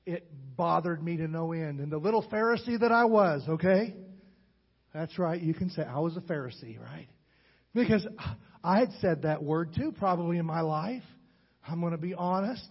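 A man preaching a sermon, swinging between loud, rising calls and soft, low storytelling. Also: slightly rough. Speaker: pastor. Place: large church hall. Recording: muffled sound with long hall reverb.

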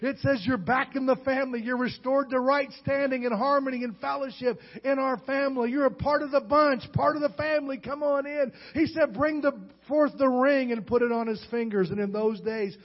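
A man preaching a sermon, swinging between loud, rising calls and soft, low storytelling. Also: steady tone, brisk, few pauses. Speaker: pastor. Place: large church hall. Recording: muffled sound with long hall reverb.

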